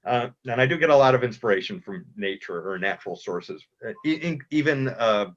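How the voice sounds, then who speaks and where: A man speaking as a cartoonist guest in a casual interview, talking in halting starts and restarts. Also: mid-range voice, lively intonation. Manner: halting, self-interrupting, chuckling. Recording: dull lo-fi audio.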